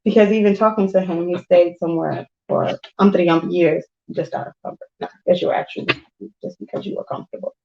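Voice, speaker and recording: A woman co-hosting a casual chat, telling relationship stories with lively acted-out quotes and frequent laughter. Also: on the low side, quick pace, creaky, reverberant, muffled recording. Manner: animated storyteller, acts out quotes, laughs often. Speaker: podcast co-host.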